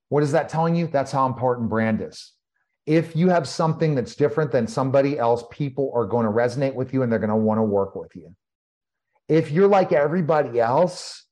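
A middle-aged man, a former pro wrestler, telling stories in an emphatic, repetitive, animated way as an interview guest. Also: mid-range voice. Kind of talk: casual interview storytelling.

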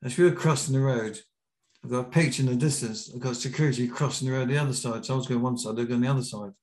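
A British man, a podcast guest, telling a lively anecdote and acting out the quotes. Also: medium pitch, rapid-fire. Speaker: podcast guest, BASE jumper. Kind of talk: storytelling in an interview. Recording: roomy echo.

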